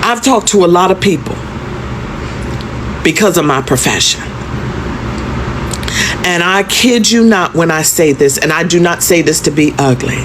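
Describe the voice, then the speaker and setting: This woman in her fifties has a lowish voice with lively intonation, a measured pace and frequent pauses. As a content creator telling a storytime vlog, she talks emphatically and conversationally, often asking the viewer questions, over a noisy background.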